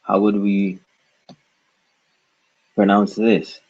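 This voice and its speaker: Slow, patient, husky male teacher. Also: fairly low pitch, monotone, a little mellow. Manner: slow, patient, repeats syllables aloud. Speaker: language teacher. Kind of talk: recorded lesson on reading. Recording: dull lo-fi recording.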